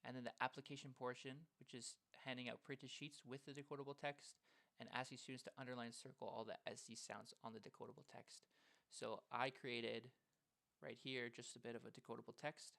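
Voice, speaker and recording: A man's voice: mid-range voice, fairly even intonation, fairly quick, gravelly, a bit bright. Man walking through a phonics lesson plan. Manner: casual, explanatory, with frequent ums. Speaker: student teacher presenting a lesson plan. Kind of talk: screen-recorded lesson walkthrough.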